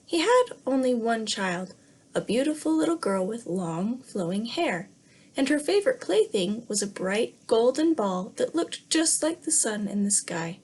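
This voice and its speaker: A woman teacher reading a fairy tale to young children in a gentle way, pausing to ask the class questions. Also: on the high side, sing-song, husky. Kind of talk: read-aloud lesson for young children.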